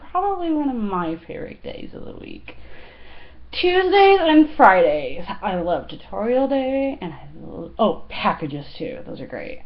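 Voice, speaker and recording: A woman's voice: on the low side, highs cut off. A woman in her thirties chatting casually to her viewers, giggly and full of fillers. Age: 30s. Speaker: fashion vlogger. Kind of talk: casual chat.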